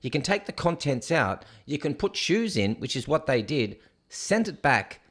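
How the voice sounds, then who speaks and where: A man hosts a casual news show in a sarcastic, scoffing tone as he rants about each headline. His voice sits a little high. It swings up and down a lot as he reacts. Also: very animated, moderate pace, fairly bright tone. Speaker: show host. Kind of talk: casual news commentary rant.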